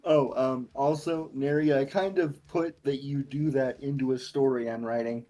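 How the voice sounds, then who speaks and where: A man's voice: medium pitch, fairly even intonation, moderate pace, dark tone. A man on a live stream making wry, joking quips in casual chat. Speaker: streamer co-host.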